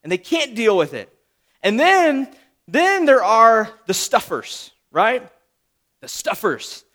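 A man with a very high voice gives a sermon in a relaxed, conversational tone. His pitch swings widely as he talks, and he breaks into playful little voices for examples. He keeps checking in with "right?". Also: slow.

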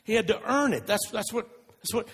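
A man preaching a sermon, retelling stories in an earnest, animated way. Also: high voice, fairly quick, breathy edge. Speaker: pastor. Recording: long reverb of a large hall.

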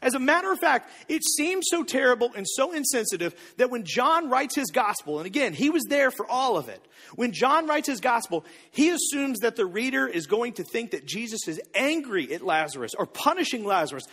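A man preaching a sermon, telling a story with lively acted-out voices and frequent repeated words. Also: very high voice, a little fast, long reverb tail. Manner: animated storytelling, acts out disciples' lines, repeats words. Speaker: pastor.

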